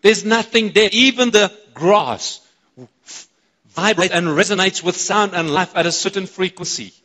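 A South African man preaches a sermon in a church hall, and his fairly high voice rings out with a long reverb. He is excitable and bounces questions off the congregation. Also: measured pace. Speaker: pastor. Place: church auditorium.

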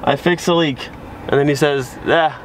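A man's voice: a little high, normal speed, noisy background. Exasperated young man vlogging from his car. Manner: exasperated, rambling, lots of filler words. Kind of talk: casual vlog commentary.

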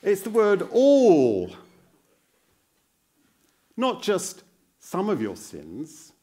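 Man, guest preacher in a church: unhurried, earnest sermon with a lively pitch, quizzing and encouraging the congregation. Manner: repeats phrases for emphasis.

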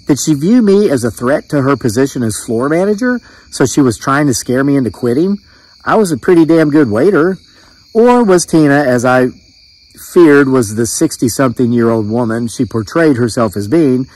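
A man tells a true story from his own past in a plain, unhurried voice of ordinary pitch. He reads like a storyteller and speaks directly to the listener. Crickets chirp behind him outdoors at dusk. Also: animated, darkish tone, no room sound, low-quality recording. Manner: plain-spoken, conversational with occasional fillers. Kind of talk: storytelling read-aloud.

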